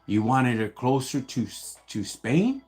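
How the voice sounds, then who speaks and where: A man's voice: medium pitch, sing-song, unhurried, darkish tone. A man raised in the United States, hosting a casual livestream and answering viewer questions in laid-back street slang, calling everyone homie and dog.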